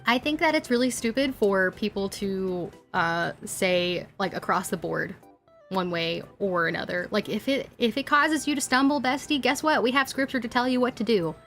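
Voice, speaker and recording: A young woman streaming and chatting casually, animated and ranting, laughing often and filling with likes and ums. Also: mid-range voice, moderate pace, faint music behind. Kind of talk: casual live-stream chat while drawing.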